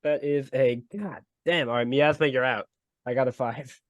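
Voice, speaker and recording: A man player in a tabletop game, cracking quick jokes and rolling dice. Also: medium pitch, steady tone, dry recording, clean studio sound. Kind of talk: casual play chat.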